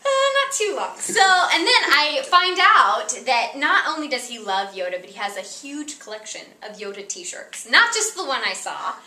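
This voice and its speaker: A woman telling a comic story in an animated way, laughing and acting out exaggerated quotes. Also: high-pitched, moderate pace, hardly any pauses. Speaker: guest storyteller. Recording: roomy echo, distant mic, faint background noise.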